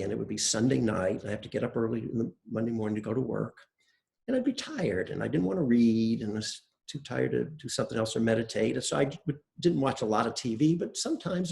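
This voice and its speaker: An older man with a gravelly, fry-edged voice gives an easygoing dharma talk. He speaks at a middling pitch, drifting through anecdotes with hesitations and gentle self-deprecation. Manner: relaxed, conversational, self-deprecating storytelling with hesitations. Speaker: meditation teacher.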